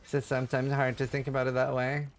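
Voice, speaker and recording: A man's voice: medium pitch, completely flat delivery, quick pace. A man streaming, chatting casually and rambling through a funny story with laughs. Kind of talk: casual livestream chat.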